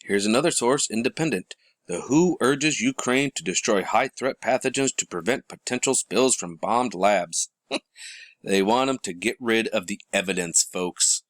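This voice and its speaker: A man's voice: fairly low pitch, moderate pace, no room sound, clean studio sound. A man hosting a rambling commentary show, talking casually to his viewers and calling them folks.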